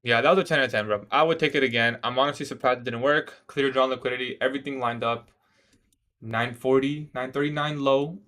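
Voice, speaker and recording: A man's voice: mid-range voice, steady tone, a little fast, pushed and bright. A young man day trading on a livestream, talking casually, reading out viewer questions and answering with a laid-back "bro" manner. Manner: casual, says "bro" often, laughs at odd questions.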